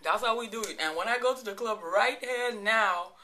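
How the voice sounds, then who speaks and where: A woman's voice: medium pitch, moderate pace, sharp tone, a little hiss or hum. A woman in her thirties with a Virgin Islands accent, chatting playfully to camera and laughing often. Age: 30s. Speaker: vlogger. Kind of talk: casual chat to camera.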